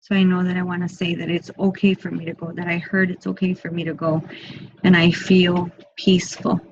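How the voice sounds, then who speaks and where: Soft-spoken woman medium, dull lo-fi sound. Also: on the low side, little pitch movement, breathy edge. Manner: soft, slow and repetitive, speaking in first person for the spirit. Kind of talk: online group mediumship reading.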